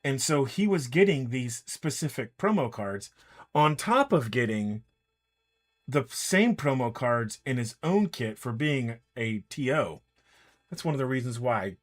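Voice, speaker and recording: A man casually telling a long anecdote during a painting stream, acting out what each person said. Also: medium pitch. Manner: animated anecdote, quoting others in dialogue. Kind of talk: casual storytelling while painting miniatures. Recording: faint music in background.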